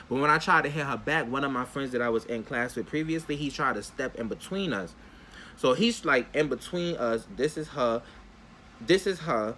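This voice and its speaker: A man's voice: mid-range voice, slight background noise. A young man telling viewers a story in a casual, slangy storytime vlog, talking straight to them. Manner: animated, talks straight to viewers. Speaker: vlogger.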